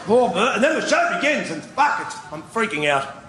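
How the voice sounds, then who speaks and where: A man's voice: high-pitched, sing-song, normal speed. A man doing a profane, ranting stand-up comedy routine on stage before a live audience. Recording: echoey live venue with noise.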